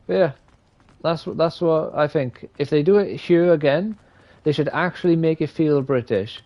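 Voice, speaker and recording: A man's voice: on the high side, moderate pace, dark tone, lo-fi sound. A man from Wales, rambling and swearing as he gives live gameplay commentary. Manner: rambling, profane, opinionated. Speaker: streamer.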